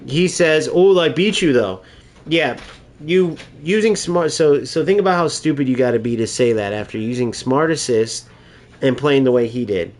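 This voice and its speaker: A man's voice: mid-range voice, normal speed. Exasperated man ranting about a game. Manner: exasperated, mocking rant. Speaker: gaming YouTuber. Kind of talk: ranting gameplay commentary.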